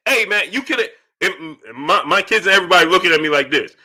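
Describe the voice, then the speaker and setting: A man hosting a live-stream boxing talk show from home, greeting viewers in chat and loudly acting out his own shouting at the screen. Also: high-pitched, expressive, quick pace, few pauses, breathy edge. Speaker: boxing channel host.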